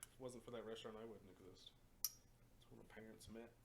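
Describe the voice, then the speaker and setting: A man, co-hosting a podcast and telling profane, animated stories with lots of laughter. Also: on the low side, brisk. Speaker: podcast co-host. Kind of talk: casual storytelling chat. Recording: faint background noise.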